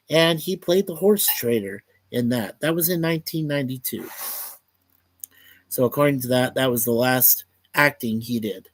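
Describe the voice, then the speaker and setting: A man's voice: fairly high pitch, dry recording. Chatty man hosting a livestream. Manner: reads out chat messages, chatty and upbeat. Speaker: livestream host. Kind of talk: casual livestream chat.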